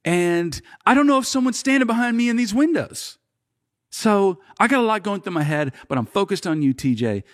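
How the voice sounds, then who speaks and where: A man's voice: sits high, animated, normal speed, dry recording, studio quality. A man from Oklahoma with a slight drawl, hosting a podcast in an upbeat, rambling way. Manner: upbeat, chatty, rambling with fillers. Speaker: podcast host. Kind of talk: casual podcast chat.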